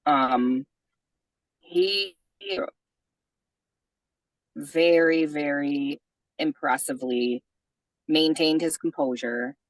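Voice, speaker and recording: Woman host, low voice, dry close sound, chatty storyteller with lots of fillers. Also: fairly even intonation, very slow, long pauses, no room sound, rough recording. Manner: chatty, full of "like" and "you know". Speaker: podcast host. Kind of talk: casual storytelling.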